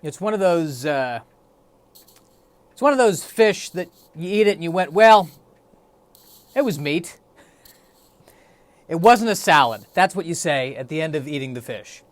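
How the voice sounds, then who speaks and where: A man's voice: a little high, lively intonation, moderate pace, dry recording. A man hosting a solo podcast, rambling in a wry, self-deprecating way. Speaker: podcast host. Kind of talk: solo comedic podcast monologue.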